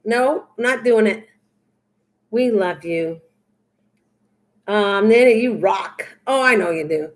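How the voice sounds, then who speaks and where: A woman's voice: medium pitch, animated, slow pace, pauses often. An older woman hosting a craft livestream, chatting casually with her viewers in a goofy, teasing, rambling way. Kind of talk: casual chat with live viewers.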